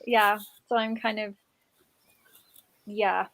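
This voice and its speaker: A woman writer with a slightly posh English accent, chatting casually in a soft-spoken, low-key way. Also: level tone, slow pace, low-quality recording. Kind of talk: casual chat.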